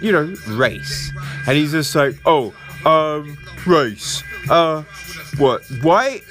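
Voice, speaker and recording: Animated, profane man with a blocked nose. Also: fairly high pitch, extremely slow, music in the background. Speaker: podcast host. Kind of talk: casual storytelling monologue.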